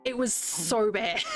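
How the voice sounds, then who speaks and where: A woman from New Zealand with a New Zealand accent, hosting a stream with blunt, profane casual chat. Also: on the high side. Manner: blunt, swears freely, animated storytelling. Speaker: streamer host.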